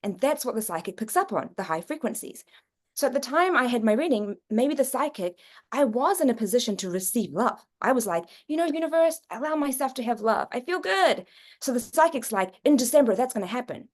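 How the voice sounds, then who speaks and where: Earnest woman explaining spiritual ideas. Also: a little fast. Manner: earnest, explanatory, expressive pitch swings. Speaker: psychic reader and guest. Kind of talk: conversational interview.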